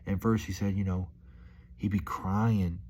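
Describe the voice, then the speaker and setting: A man's voice: deep voice, little pitch movement, unhurried, a little mellow, a little hiss or hum. A man talking casually in a rambling, laid-back vlog monologue, calling the listener dude and man. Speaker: vlogger.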